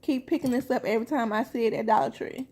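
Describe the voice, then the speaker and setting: A woman's voice: a little high, fairly even intonation, darkish tone, breathy edge. Chatty woman vlogger tasting a snack. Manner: chatty, keeps addressing viewers as "you guys"; talks while eating, with drawn-out "mm" sounds. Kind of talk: casual taste-test chat.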